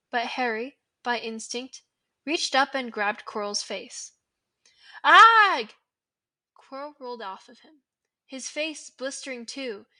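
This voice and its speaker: Slow, bright-voiced young woman reading aloud. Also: a little high. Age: teens or young adult. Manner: expressive, dramatic reading. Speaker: guest reader.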